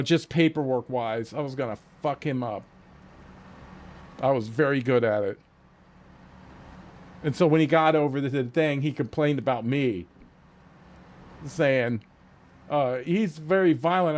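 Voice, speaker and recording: A man streaming a game, telling a story in a profane, animated way and often laughing at it. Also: mid-range voice, normal speed, long pauses. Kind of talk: casual storytelling while playing.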